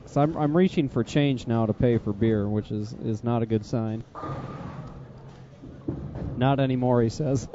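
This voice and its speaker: A man's voice: mid-range voice, measured pace, pauses often. A man doing live bowling commentary with laughing banter. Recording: dull broadcast audio with noise.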